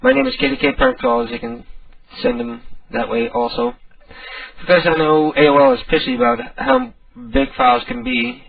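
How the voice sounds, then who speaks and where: A man's voice: extremely high pitch, big pitch swings, normal speed, creaky. A man hosting a prank call show, rambling and joking while a little tipsy, with a tinny, distant sound. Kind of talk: casual radio-style banter.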